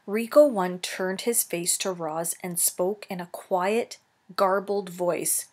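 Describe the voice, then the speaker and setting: A woman teacher reading a children's novel aloud, slow and careful, correcting herself now and then. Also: lowish voice, steady tone, a little mellow.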